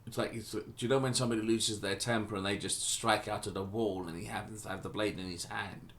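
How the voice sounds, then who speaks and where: A man's voice: on the low side, fairly even intonation, fast, a bit bright. A man running a tabletop game as game master, narrating loosely with frequent ums and restarts.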